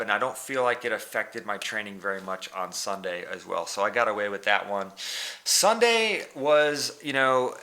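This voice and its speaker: Bright-voiced man recapping his training. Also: fairly low pitch. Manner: rambling, self-correcting, frequent fillers. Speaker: vlogger.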